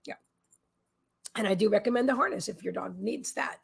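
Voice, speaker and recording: A woman's voice: medium pitch, a little fast, gravelly, slightly rough. A woman hosting a casual psychic livestream, talking in a rambling, emotional way with many restarts. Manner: coos in baby talk to her pets. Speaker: psychic reader and healer, livestream host.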